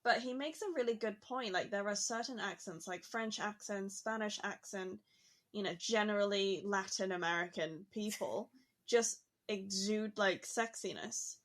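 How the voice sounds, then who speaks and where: A woman's voice: mid-range voice, moderate pace, a bit bright. A woman talking casually on a podcast, musing aloud with lots of "like" fillers. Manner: chatty, musing, frequent "like" fillers.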